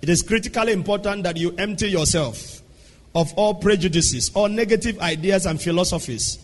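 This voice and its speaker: A man preaching a sermon, swinging from soft asides to shouted lines. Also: high voice, brisk. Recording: long hall reverb.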